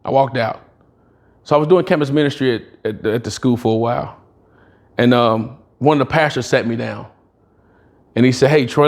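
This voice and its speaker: A middle-aged man giving a motivational talk, telling stories in a casual, slangy way and acting out the dialogue. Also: medium pitch. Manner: animated, acts out dialogue in other voices. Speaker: motivational speaker. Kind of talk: storytelling speech at a sales retreat.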